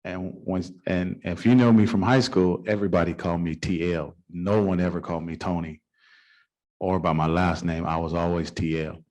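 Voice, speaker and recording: A man's voice: deep voice, level tone, moderate pace, darkish tone. A middle-aged man, a city council member, telling a folksy, informal story at a council meeting. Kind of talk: anecdotal storytelling at a public meeting.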